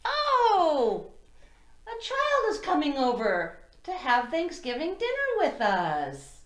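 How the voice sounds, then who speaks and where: Preschool teacher, woman, slow sing-song delivery, echoey room. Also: high voice. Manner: slow, animated and sing-song, speaking to small children. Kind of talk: children's circle-time lesson with songs. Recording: roomy echo.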